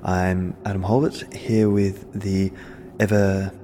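A man co-hosting a podcast, chatting casually and animatedly. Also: sits low. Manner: animated, chatty, quick to react. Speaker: podcast co-host. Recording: long hall reverb, faint noise.

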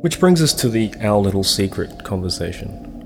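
A man's voice: lowish voice, very animated, normal speed, noisy background. A man co-hosting a casual discussion, making reflective, analytical remarks. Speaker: podcast co-host.

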